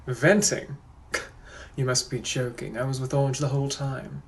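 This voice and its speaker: A man voicing a suave, menacing 1800s British gentleman with a British accent, in whispered role-play, purring and teasing. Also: medium pitch, level tone, moderate pace, gravelly, close to an everyday voice. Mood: mock outrage.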